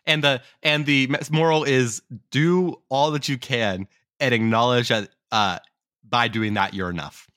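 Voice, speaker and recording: Brief: storytelling podcast co-host, bright and crisp, dry close sound. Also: male voice, mid-range voice, fairly even intonation, unhurried, no room sound. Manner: rambling, self-correcting. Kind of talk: casual storytelling.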